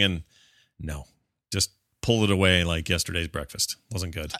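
A man co-hosts a relaxed podcast, thinking out loud and circling back on his own sentences. His voice sits a bit low but has a bright, forward tone. The sound is dry and close. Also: moderate pace, dry recording. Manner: rambling, self-interrupting, reads answers aloud. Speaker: podcast co-host. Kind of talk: casual chat.

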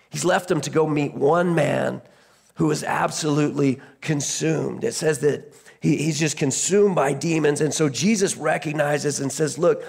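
A man's voice: on the high side, gravelly, husky. A man preaching a sermon as pastor, retelling a scripture story in a conversational way, often restarting his phrases.

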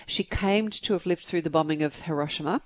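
A woman's voice: deep voice, a little fast, dry recording. A woman co-hosting a podcast, telling a true crime story in a chatty way and laughing often. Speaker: podcast co-host. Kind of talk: casual true crime chat.

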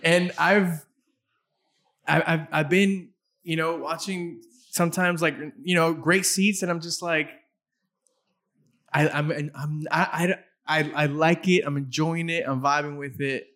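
A middle-aged man hosting a casual interview, talking in a halting way and often repeating his words. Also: fairly high pitch, steady tone, fairly bright tone. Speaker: interview host.

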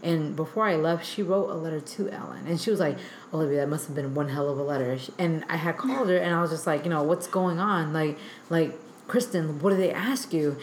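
A young woman guest telling a story in a rambling, animated way, full of filler words. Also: low-pitched, fairly quick, slight background noise. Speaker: guest artist. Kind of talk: animated storytelling in casual chat. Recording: echoey room.

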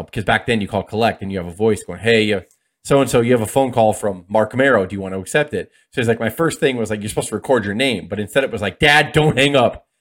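Fast-talking man retelling a story. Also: lowish voice. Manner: fast, animated retelling with acted-out quotes and laughs. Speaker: podcast co-host. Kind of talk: casual storytelling chat.

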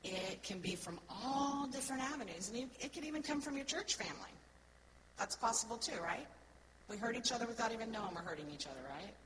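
An earnest woman speaking to a church congregation in a slightly high voice. She keeps checking in with her listeners and drops to soft, slow phrases before pushing key words loudly. The live recording carries a clear hiss of room noise behind her. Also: expressive. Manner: earnest, asks the congregation "right?" often; swings between soft, slow words and loud stressed ones. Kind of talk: sermon-style teaching.

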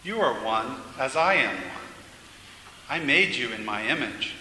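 A man voicing a calm, gentle God. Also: fairly high pitch, measured pace. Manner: calm, soft and firm. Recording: echoey hall with faint noise.

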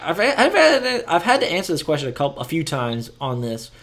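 A man's voice: a little high, huge pitch swings, brisk, very noisy. A man hosting a casual chat, talking in a rambling way with many restarts and plenty of swearing.

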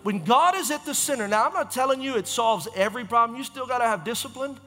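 A man preaching as a pastor, in an impassioned, repetitive style with quick self-corrections. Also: extremely high pitch, expressive, pushed and bright, big-room sound, faint music behind. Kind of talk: sermon.

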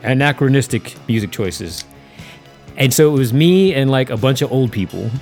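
A man's voice: mid-range voice, expressive, normal speed, a little mellow, soft background music. A man co-hosting a podcast in casual chat, blunt and profane, acting out quoted voices as he tells stories. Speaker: podcast co-host.

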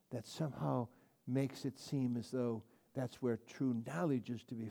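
A man leads a Bible class with a warm, mellow tone. He talks in a chatty, emphatic way, circling back and restarting his sentences as he teaches. His pitch sits in an ordinary middle range. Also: fairly even intonation, a little slow, vocal fry. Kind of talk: conversational Bible study lecture.

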